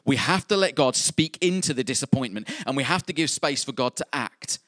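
A man's voice: mid-range voice, animated, fairly quick, a bit bright, dry recording, studio quality. A man preaching a sermon, earnest and repeating key phrases for emphasis.

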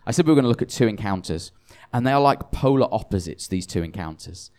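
A man's voice: fairly low pitch, animated, fast, a little mellow. A tired man preaching a conversational sermon, self-deprecating and chatty, often restarting his sentences.

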